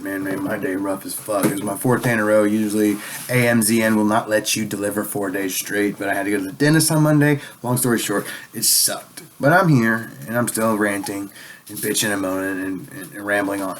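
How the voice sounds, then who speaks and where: A man's voice: lowish voice, a bit bright. Rambling, cussing man ranting. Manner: rambling, swearing, sarcastic. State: a bit tipsy. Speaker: vlogger. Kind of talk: profane political rant.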